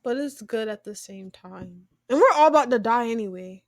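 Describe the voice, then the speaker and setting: A woman from the United States co-hosts a casual podcast, answering with quick exclamations and laughter. Her voice is fairly high, recorded dry and close. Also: lively intonation, dry recording. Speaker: podcast co-host. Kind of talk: casual chat.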